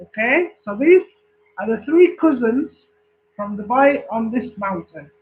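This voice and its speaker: A man's voice: very high-pitched, animated. A man telling a long joke casually, repeating himself and checking that his listeners follow. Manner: slow, repetitive storytelling with check-ins. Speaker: joke teller. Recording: tinny phone-like recording.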